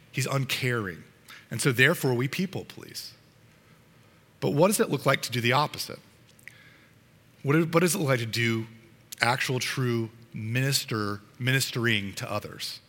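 Man, pastor, sermon, bright forceful voice, earnest and conversational, long hall reverb. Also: medium pitch. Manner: earnest, conversational preaching with restarts.

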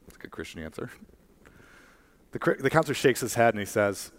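A man preaching a sermon and telling a story, slowing on key words and building to fervent emphasis. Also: mid-range voice, animated. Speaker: pastor.

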